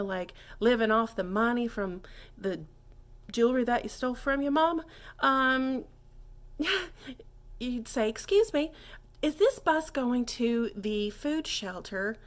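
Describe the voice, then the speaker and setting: A woman's voice: on the high side, measured pace, natural voice. A woman playing a scatterbrained character who gives a clumsy French lesson, rambling off on tangents and stumbling over phrases. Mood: chatty. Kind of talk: comedic mock lesson monologue.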